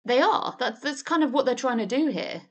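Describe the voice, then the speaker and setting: A woman's voice: high-pitched, lively intonation, a little fast, a bit bright. A woman, co-hosting a casual film chat podcast, blunt and sweary, often trailing off and restarting. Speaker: podcast co-host.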